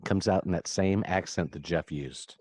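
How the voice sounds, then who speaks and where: A man's voice: low voice, normal speed, a little mellow, dry recording, clean studio sound. A man co-hosting a casual movie podcast from home, rambling and laughing often as he recaps scenes. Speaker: podcast co-host. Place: his own room, recording remotely.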